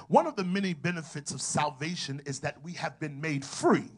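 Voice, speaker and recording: A man's voice: a little high, moderate pace, few pauses, husky. A man preaching a sermon, drawing out scripture and leading the congregation in call and response. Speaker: pastor.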